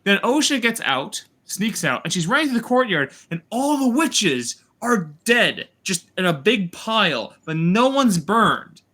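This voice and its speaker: A man hosting a casual review chat, retelling scenes in an animated, sarcastic way with swearing. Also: sits high, measured pace, few pauses. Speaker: host reviewing a TV series.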